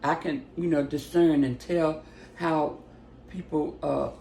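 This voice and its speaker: Excited older woman telling a story. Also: slow, gravelly. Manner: animated retelling, acts out the voices in her story with big pitch jumps. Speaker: storyteller giving a personal testimony. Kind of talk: casual spoken testimony. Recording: roomy echo with faint background noise.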